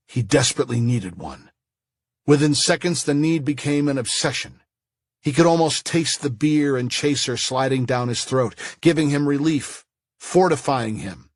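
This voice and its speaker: A man reading a thriller audiobook in a measured storytelling manner. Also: mid-range voice, no echo, studio quality. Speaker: audiobook narrator. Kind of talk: scripted thriller narration.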